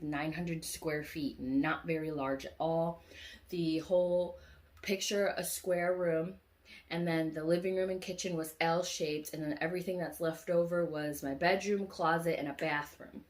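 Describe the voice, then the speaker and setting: A woman vlogger casually retelling her dreams, animated and slangy, acting out the people in them. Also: on the low side, a little slow. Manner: animated, slangy, acts out voices.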